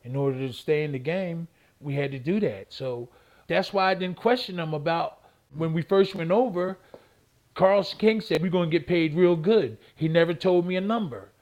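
A man's voice: fairly high pitch, moderate pace, a little mellow. A man, an interviewee, telling a long story and acting out phone calls, repeating himself. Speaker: interviewee, former boxing champion.

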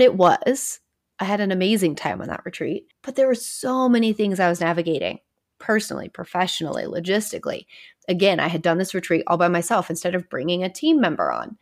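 A woman in her thirties talks on her own podcast in a loose, candid, conversational way. She is a therapist and speaks at a middle pitch. At times she drops to a hushed near-whisper. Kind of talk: casual solo podcast talk.

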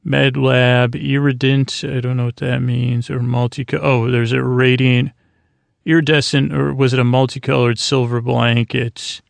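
A man hosting a sleep podcast, recapping an episode in a low-key, rambling way, full of fillers and restarts. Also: little pitch movement, a little slow, creaky, no room sound. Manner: low-key, drowsy delivery. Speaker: podcast host.

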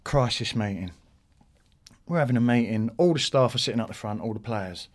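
A middle-aged man, a podcast guest, telling an animated anecdote in a casual way, swearing and acting out what others said. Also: mid-range voice, fairly quick.

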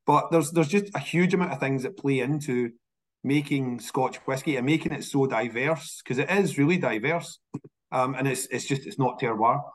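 A man with a Scottish accent telling stories in a casual interview, animated and often repeating words as he restarts. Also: mid-range voice, moderate pace. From Scotland. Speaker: whisky industry guest.

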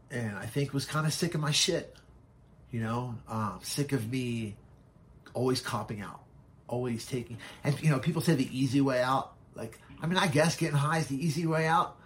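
A man tells his own story in loose, candid talk. He swears freely and slips into other people's voices when he quotes them. His voice sits at an ordinary pitch, with a faint hiss of room noise behind him. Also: moderate pace. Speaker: podcast guest. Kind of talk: casual storytelling.

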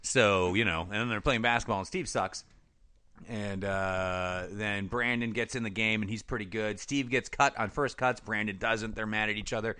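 Man, podcast recap, casual, animated storytelling, very bright tone, dry sound. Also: fairly low pitch, moderate pace, clean tone, no room sound. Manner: animated storyteller, acts out characters' lines, laughs often. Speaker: podcast host recapping episodes. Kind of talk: casual comedic recap chat.

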